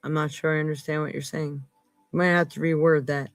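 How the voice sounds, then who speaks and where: A woman hosting a live psychic tarot reading. She speaks earnestly and swings between loud emphasis and hushed asides. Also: sits low, flat delivery, a little fast, no echo. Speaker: psychic tarot reader and host.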